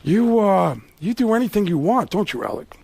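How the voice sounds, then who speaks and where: A man's voice: high voice, lively intonation, normal speed, vocal fry, darkish tone, voice pushed up, full character voice. A man doing an impression of a bitter, menacing older male movie star, sneering and theatrical.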